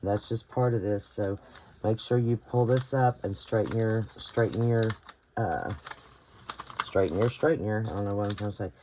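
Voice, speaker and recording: On her bookbinding channel, a tired West Virginian woman gives a relaxed hands-on craft tutorial late at night, musing aloud, wandering off topic and groping for words. Her voice is rumbling low and mellow at normal speed. There's a little hiss or hum, and crinkling paper and clicking sound clearly in the background.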